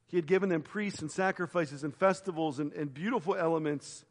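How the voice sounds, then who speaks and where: A man preaching a sermon as pastor, retelling a story with expressive quoted voices and quiet reflective turns. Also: a little high, brisk, big-room sound. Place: church sanctuary.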